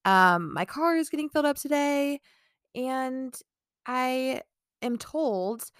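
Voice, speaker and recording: A woman's voice: sits high, slow, smooth, dry recording, studio quality. A young woman vlogger telling a casual storytime, rambling with lots of "like" fillers, swearing and laughing between lines.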